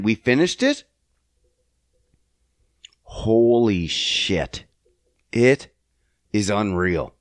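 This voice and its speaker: A young man hosting a podcast, talking casually and profanely, getting loud and worked up as he rants. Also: mid-range voice, no room sound, studio quality. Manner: profane, animated, swings loud when worked up. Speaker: podcast host. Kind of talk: casual solo podcast rant.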